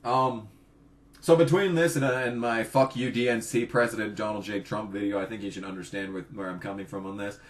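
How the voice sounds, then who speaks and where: A college student in his twenties, by his own account, rants profanely and with exasperation on his political vlog. His voice sits lowish with a steady tone, and he talks a little fast.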